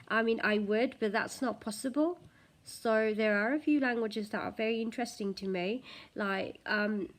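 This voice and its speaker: A woman's voice: mid-range voice, a little hiss or hum. A woman from Nepal talking casually to camera as a vlogger, full of "like" and "you know", slipping between languages. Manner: chatty, heavy use of "like" and "you know"; switches between languages mid-sentence.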